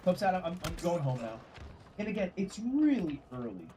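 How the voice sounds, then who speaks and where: A man's voice: sits high, very animated, moderate pace. A man streaming a game, telling a rambling, profane story in casual chat. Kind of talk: casual storytelling while gaming. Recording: game gunfire noise under voice. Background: game gunfire and ambience.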